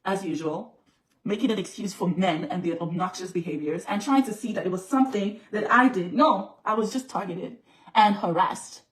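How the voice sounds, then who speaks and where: A woman's voice: mid-range voice, moderate pace, far from the mic. A woman vlogger telling a personal story to her viewers, repeating phrases for emphasis. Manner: repetitive, emphatic retelling. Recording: roomy echo.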